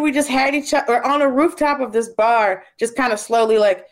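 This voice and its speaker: A woman comedian talking casually as a guest and telling stories, acting out family members in quick, shifting voices. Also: sits high. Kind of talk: casual interview storytelling.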